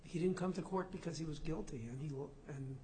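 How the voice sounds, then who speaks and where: A man's voice: on the high side, fairly quick, mellow, slight background noise. A man judge asking probing questions of an attorney at oral argument. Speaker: appellate judge.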